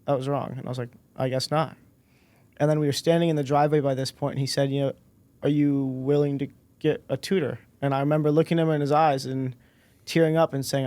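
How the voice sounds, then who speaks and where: Young male podcast guest, mid pitch, dry close mic, easygoing storyteller. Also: fast, no room sound. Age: 20s. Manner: relaxed storyteller, acts out quoted dialogue. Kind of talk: casual storytelling interview.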